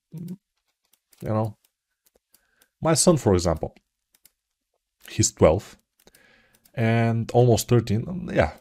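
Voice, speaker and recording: A man's voice: on the low side, darkish tone. A middle-aged man with a Bulgarian accent, rambling with silly jokes while he works through a 3D modeling tutorial. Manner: rambling, self-mocking, jokey asides. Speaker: 3D art tutor. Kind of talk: live commented modeling tutorial.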